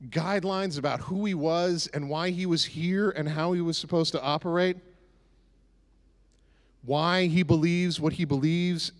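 Casual joking preacher man, echoey hall. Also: on the high side. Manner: casual and joking, with sarcastic asides. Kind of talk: conversational sermon.

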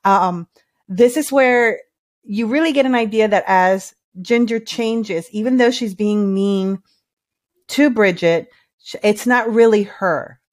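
A woman's voice: medium pitch, slow. A woman co-hosting a podcast in casual movie chat, rambling with frequent ums and laughter. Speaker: podcast co-host.

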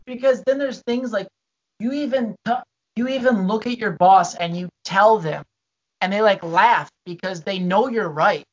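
A man's voice: high voice, moderate pace, lo-fi sound. A man who works in a restaurant, rambling and swearing as he vents in casual chat. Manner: rambling, profane venting. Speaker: restaurant worker.

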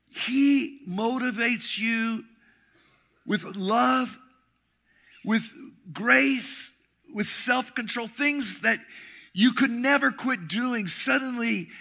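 A middle-aged man preaching a sermon with passion, swinging between shouting and hushed tones. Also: sits high, vocal fry. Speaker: pastor.

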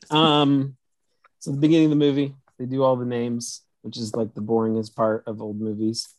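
A man's voice: mid-range voice, level tone, moderate pace, a little mellow, no room sound, rough recording. A man co-hosting a casual film podcast, going through his list of notes with dry jokes. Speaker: podcast co-host. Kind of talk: casual chat.

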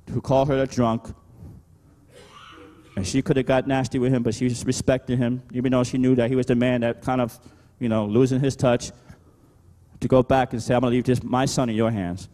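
A male pastor preaching a sermon, calling out "Amen?" to the congregation and swinging between loud emphatic exhortation and quieter talk. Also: medium pitch, long reverb tail. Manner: preaching with call-and-response "Amen?".

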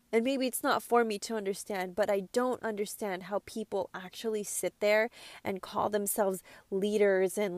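A woman's voice: medium pitch, dry recording. A young adult woman delivering an impassioned motivational monologue as a self-help speaker, emphatic and preachy, swearing freely.

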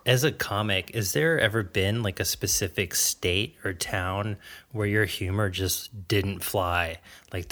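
A man's voice: on the low side, a bit bright. A man from New Jersey hosting a casual podcast interview, chatty and self-deprecating, with frequent laughter. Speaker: podcast host.

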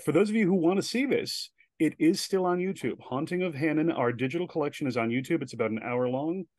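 A man guest telling stories in a casual interview, chatty and animated, with many filler words. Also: on the high side, fast talker, no echo. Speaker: guest, director and writer.

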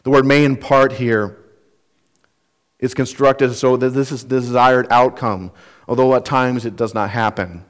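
Earnest man preaching an expository sermon. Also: mid-range voice. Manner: earnest, emphatic, with rhetorical questions; explains word meanings and grammar of scripture. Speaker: pastor.

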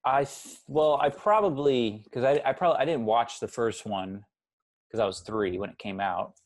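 A young man in his twenties co-hosts a casual movie podcast, chatty and rambling, often correcting himself mid-thought. His voice sits at a medium pitch and moves at a moderate pace.

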